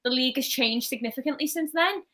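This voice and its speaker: A woman's voice: sits high, fast, sharp tone, a little hiss or hum. A woman from Liverpool with a Scouse accent, chatting animatedly about football as a podcast co-host. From Liverpool, England. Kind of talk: casual football chat.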